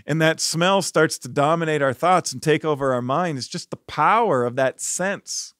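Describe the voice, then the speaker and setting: A man preaching a devotional sermon as a pastor, telling stories earnestly and dropping his voice softly for the reflective parts. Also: a little high, normal speed, dry recording, clean studio sound. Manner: earnest storytelling, rising when animated, dropping soft for reflection.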